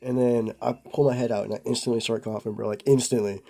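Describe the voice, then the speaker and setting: Fast, gravelly, and mellow, a young man's mid-range voice comes across with a flat delivery. He's a vlogger rambling through a story to the camera in a laid-back way, heavy on slang, fillers, "bro", and "like".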